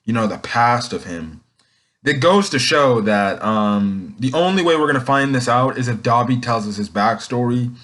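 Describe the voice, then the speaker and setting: A man talks through a comic chapter off the cuff, circling back on his sentences and padding them with fillers. His voice sits at an ordinary middle pitch for a man, with nothing forced about it. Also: lively intonation, normal speed, fairly bright tone. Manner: rambling, leans on "um" and "essentially". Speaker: manga chapter reviewer. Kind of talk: casual unscripted recap.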